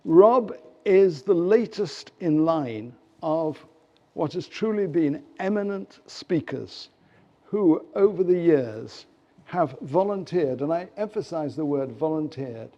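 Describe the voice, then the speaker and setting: An older man chairing an evening lecture, giving a formal welcome with measured delivery and dry jokes, on a mic in an arts centre hall. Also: a little high, animated, dark tone, highs cut off. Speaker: event chair introducing a lecture. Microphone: handheld mic on stage. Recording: reverberant hall.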